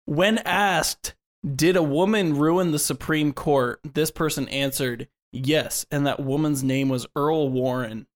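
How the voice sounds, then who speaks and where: A man's voice: a little high, slow. A man co-hosting a casual podcast, running a quiz game in a playful, joking way and laughing often.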